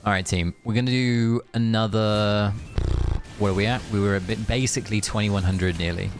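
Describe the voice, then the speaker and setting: A British man chats casually while streaming a game. He muses aloud in a playful, rambling way. His voice sits low and has a gravelly, rough edge. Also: fairly even intonation, normal speed, over music. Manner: chatty and playful, musing aloud. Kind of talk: casual live-stream chat.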